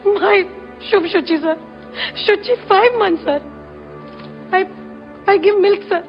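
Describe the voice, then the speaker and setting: Desperate Indian mother, very high pitch, pleading, film mix with music. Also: slow. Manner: broken English, begging. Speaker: mother in a courtroom. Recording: muffled film soundtrack with music.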